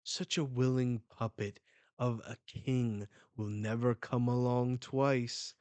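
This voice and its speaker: A man's voice: medium pitch, fairly even intonation, slow, dark tone, no room sound, natural voice. A man reading the lines of a cold, godlike male ruler who speaks in formal old-fashioned language, from a manga. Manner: formal old-fashioned speech read aloud.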